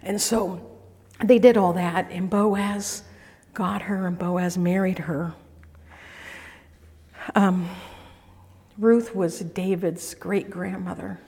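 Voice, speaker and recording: A woman's voice: lowish voice, steady tone, slow pace, long pauses, mellow. A middle-aged woman preaching a sermon, telling the story in a folksy, conversational way with frequent restarts. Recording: echoey hall reverb.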